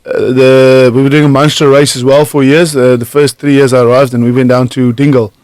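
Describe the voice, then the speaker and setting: A man with a South African accent softened by Irish sounds talks over a close, dry studio microphone. He tells his stories in a halting way, with many fillers and restarts, at a middling pitch. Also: level tone, clear, resonant tone, no echo. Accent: South African with an Irish tinge. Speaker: guest, former rugby player. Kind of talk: relaxed storytelling in a radio interview. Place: radio studio.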